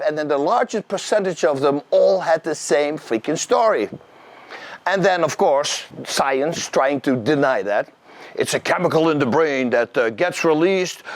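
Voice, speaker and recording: A man's voice: a little high, no echo. Emphatic man with a Dutch accent. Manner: animated, emphatic, slangy. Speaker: host. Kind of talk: personal storytelling to camera.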